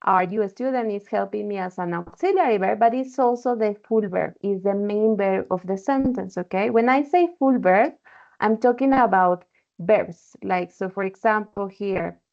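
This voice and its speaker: A woman's voice: mid-range voice, moderate pace, gravelly, darkish tone. A woman teaching an online English class, explaining patiently and checking in often with "okay?". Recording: dull lo-fi call audio.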